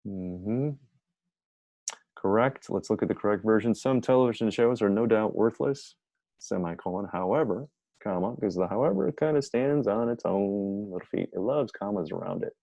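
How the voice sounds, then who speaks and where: A man runs a casual grammar lesson in a chatty, energetic way, thinking aloud as he works through the examples. His voice sits low with a gravelly edge. The tone is dark and mellow, and the sound is close and dry. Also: moderate pace, dry recording, low-quality recording. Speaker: teacher.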